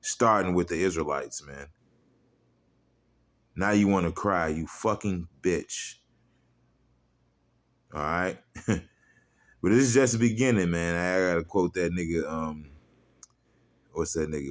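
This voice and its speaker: A man delivering a heated, mocking religious rant, profane and fiery, who breaks into quiet asides and reads scripture aloud. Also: deep voice, slow, long pauses. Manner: reads scripture aloud in old-style wording. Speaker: street-style preacher.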